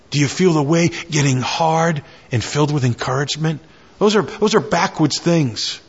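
A man's voice: high-pitched, husky, dull audio. A man preaching a sermon, building in fervor through repeated lines and prayers. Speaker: pastor.

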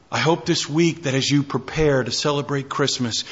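A man preaching a sermon, reading scripture aloud and swinging between loud, high-pitched declarations and low, quiet emphasis. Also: a little slow, hardly any pauses, dull audio. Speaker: pastor.

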